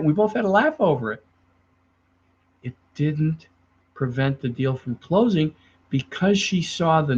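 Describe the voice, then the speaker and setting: A middle-aged man who trains salespeople tells stories and acts out the clients he meets. His voice sits a little high and sounds a touch husky. The recording is dull and lo-fi. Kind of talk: speaking to the camera about selling.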